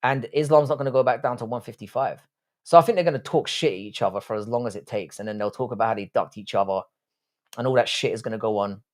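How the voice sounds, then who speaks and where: A man's voice: mid-range voice, fast. A man in his thirties hosting a casual live stream, swearing freely and bantering with his chat. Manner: profane, joking banter with chat. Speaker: livestream host reacting to fights.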